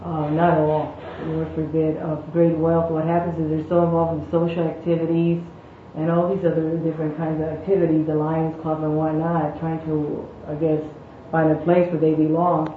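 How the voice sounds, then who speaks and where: A man offering measured, reflective comments in a church group discussion. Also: fairly high pitch, completely flat delivery, slight background noise. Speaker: discussion participant. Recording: tinny, very echoey recording.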